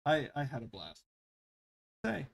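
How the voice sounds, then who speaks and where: A man in his thirties talks through his pixel art in a loose, rambling way. His voice sits at an everyday middle pitch. He swears freely and chuckles at his own stories. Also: wildly swooping pitch, measured pace, gravelly. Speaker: pixel artist and vlogger. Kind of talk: casual chat while drawing.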